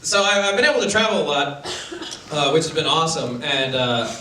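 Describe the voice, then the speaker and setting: A young man performing a stand-up comedy set in a dry, halting way, often pausing on fillers. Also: a little high, expressive, sharp tone, a little hiss or hum. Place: small live venue with an audience. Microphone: distant camera mic. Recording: echoey room from far off. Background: audience laughter.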